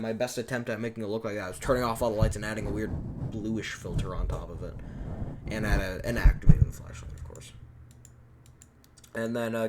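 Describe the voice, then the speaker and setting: A man's voice: fairly low pitch, noisy background. A man giving a rambling, self-deprecating director's commentary on his own fan series, often unsure of himself.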